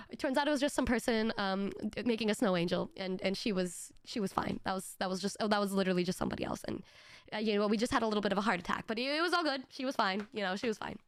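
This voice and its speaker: A young adult woman streamer telling a casual story, animated and laughing, with lots of swearing and stammered restarts. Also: mid-range voice, rapid-fire, dry recording. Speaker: VTuber streamer.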